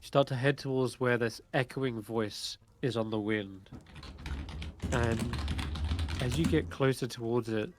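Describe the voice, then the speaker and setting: A man's voice: medium pitch, steady tone, unhurried, noisy background. Man narrating as game master.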